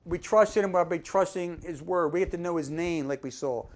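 A man's voice: on the high side, normal speed. Casual, folksy male preacher. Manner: conversational, folksy, fillers, asks congregation questions; loudness swings from emphatic to quiet asides. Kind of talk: informal sermon.

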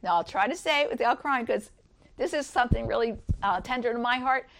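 A middle-aged woman speaks earnestly at an Easter devotional, reading scripture aloud and sharing stories. Her voice sits slightly higher than most. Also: fairly quick, vocal fry, fairly bright tone, a little hiss or hum. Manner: earnest, rises high when voicing others.

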